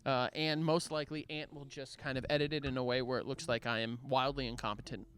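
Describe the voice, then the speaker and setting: A man's voice: mid-range voice, flat delivery, fast, a bit bright. A man hosting casual word-game banter, playful and jokey, laughing often. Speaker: host.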